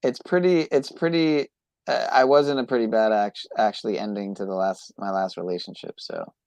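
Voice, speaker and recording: A man hosting a livestream podcast, chatting casually in a rambling, hesitant way that trails off quietly. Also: lowish voice, moderate pace, no room sound. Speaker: podcast host.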